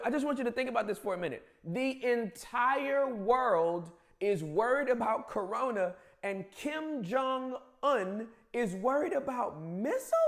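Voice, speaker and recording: A man hosting a comedic news monologue, emphatic and playful. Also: high-pitched.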